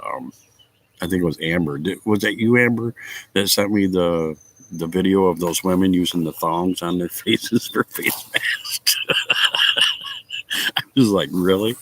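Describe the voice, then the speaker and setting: A man's voice: sits low, a bit bright. A man chatting casually with viewers of his stream, laughing often and swearing casually. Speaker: livestream host chatting with viewers. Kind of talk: casual chat.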